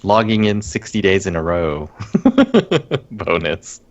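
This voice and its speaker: Co-host: a low, gravelly man whose pitch swings a lot, rambling with frequent laughs. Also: sing-song, takes it slowly. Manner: laughs often, rambling and wry. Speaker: podcast co-host. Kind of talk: casual gaming chat. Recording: dull lo-fi stream audio.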